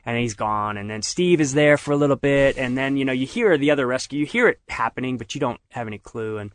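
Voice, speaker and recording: A man's voice: mid-range voice, dry recording. Man retelling a story in a dry close sound. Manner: animated retelling, acts out others' lines. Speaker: podcast guest. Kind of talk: casual storytelling.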